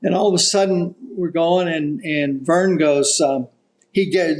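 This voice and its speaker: Older man, high voice, podcast guest, animated storyteller, acts out quotes. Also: measured pace, poor audio. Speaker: podcast guest, golf broadcaster. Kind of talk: storytelling anecdote.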